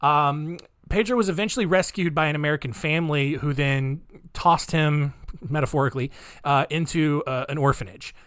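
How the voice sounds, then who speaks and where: A man's voice: on the high side, moderate pace, fairly bright tone, clean tone, dry recording, studio quality. A man hosting a casual true crime podcast at home, joking and rambling with many fillers. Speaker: podcast host. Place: home recording space.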